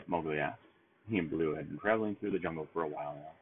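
A man reads a bedtime story aloud in a steady, gentle way. His voice is deep. The sound is thin and phone-like, with a faint hiss behind. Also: quick pace. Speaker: storybook reader.

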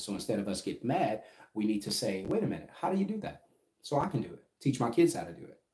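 A middle-aged man teaches business in a casual, emphatic way and keeps checking in with his listeners. His voice sits low and mellow. The sound is roomy and echoey. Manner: emphatic, keeps asking "right?". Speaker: business coach. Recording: echoey room.

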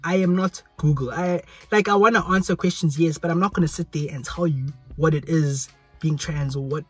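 A man's voice: on the high side, fairly even intonation, fairly quick, slightly rough, faint music behind. A young man with a South African accent, chatting casually to his phone's selfie camera in a rambling vlog. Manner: chatty, rambling, repeats pleas. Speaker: YouTuber. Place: hot indoor room.

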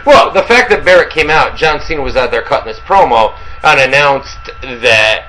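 A man's voice: medium pitch, animated, moderate pace, hardly any pauses, bright, forceful tone, rough recording. A man co-hosting a casual wrestling talk show, rambling with many fillers and restarts. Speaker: podcast co-host.

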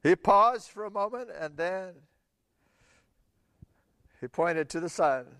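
A man preaching a sermon, telling a Bible story with animated voices for the people in it and laughing often. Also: high-pitched, slow pace, no room sound, studio quality.

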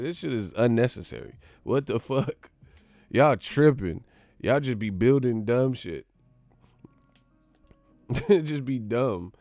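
A man's voice: medium pitch, expressive, slow, long pauses, darkish tone, no echo, soft background music. A man hosting a live stream, chatting casually with his viewers, loose and profane, joking as he reads out their comments.

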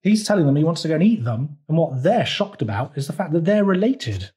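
A man reading his picture book aloud for children's storytime, lively and asking the listeners questions. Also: on the high side, a little fast.

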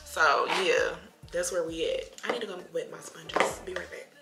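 A young woman with a slightly low voice, a little tipsy, chatting to her viewers in a playful, loose way. She talks in a roomy, echoing room while music plays behind her. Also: steady tone, normal speed. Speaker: beauty vlogger. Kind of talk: casual get-ready-with-me chat. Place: home room while doing makeup.

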